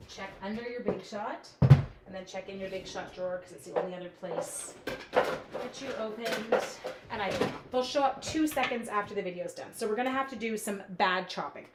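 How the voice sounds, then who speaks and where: A woman's voice: mid-range voice, normal speed, reverberant, heavy background noise. A woman hosting a casual live-stream craft demonstration from her home craft room, chatting with viewers in the chat as she works. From Canada.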